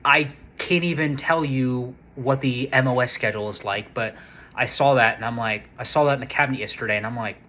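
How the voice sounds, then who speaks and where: A man talks to camera in a loose, rambling way, often restarting his sentences and throwing in curses for emphasis. His voice has a bright, forward edge, pitched at an ordinary middle height for a man. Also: brisk. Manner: rambling, restarts often, excited and profane about guns. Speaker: vlogger, casino security worker. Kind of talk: casual storytelling vlog.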